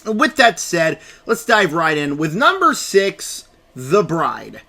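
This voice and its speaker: A man's voice: fairly high pitch, wildly swooping pitch, slow, creaky, pushed and bright. A man talking through a casual film review at his desk, emphatic and ranting, repeating words for stress. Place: home desk.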